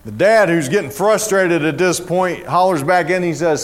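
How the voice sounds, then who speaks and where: Animated folksy preacher, high voice. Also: male voice, normal speed, hardly any pauses. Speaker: pastor. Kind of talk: sermon with storytelling.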